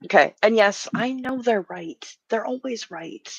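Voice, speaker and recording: A woman's voice: a little high, lively intonation, a little slow, creaky, breathy edge, dry recording, dull audio. A woman streaming casual chat while drawing, flustered and rambling, laughing easily.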